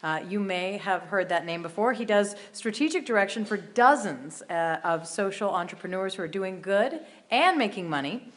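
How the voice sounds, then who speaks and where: A woman's voice: mid-range voice, lively intonation, normal speed. A woman hosting a conference, reading a prepared introduction of the next speaker with a few light asides. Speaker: conference host.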